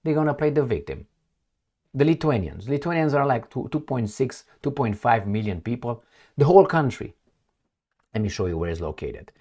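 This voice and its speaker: Pointing at a map, a male Eastern European commentator whose first language is Romanian gives a fiery, sarcastic political monologue in accented English. His medium-pitched, somewhat dark voice swings widely in pitch at a moderate tempo.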